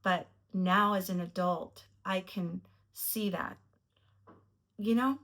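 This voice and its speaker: A woman's voice: mid-range voice, steady tone, slow pace, a bit bright. A woman telling a personal story to camera in a reflective, earnest way, at times emotional. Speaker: vlogger.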